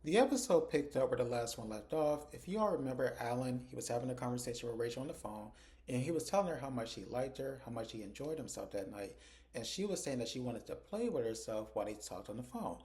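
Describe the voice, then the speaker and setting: Male reviewer with a warm, mellow voice at a mid pitch. He gives a chatty, conversational episode recap and acts out the characters' dialogue. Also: expressive, fast talker. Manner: retells scenes conversationally, acting out characters' lines. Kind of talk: casual spoken episode recap.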